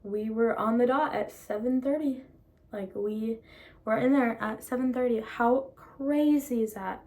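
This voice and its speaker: A young woman vlogging casually, excited and disbelieving, rambling with many fillers as she tells her story. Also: fairly high pitch, measured pace.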